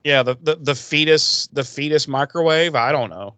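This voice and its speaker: A man co-hosting a podcast, casually retelling an episode with quick acted-out quotes and swearing. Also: on the high side, bright, forceful tone, dry recording. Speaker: podcast co-host. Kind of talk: casual episode recap chat.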